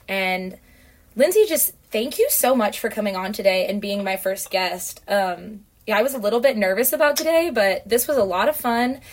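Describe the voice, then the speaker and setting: Enthusiastic woman podcast host. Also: medium pitch. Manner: enthusiastic, excited. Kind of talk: casual interview talk.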